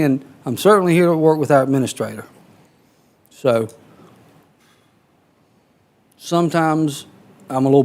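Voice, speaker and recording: A man's voice: on the high side, darkish tone. A man, a county council member telling a blunt, folksy story in a meeting.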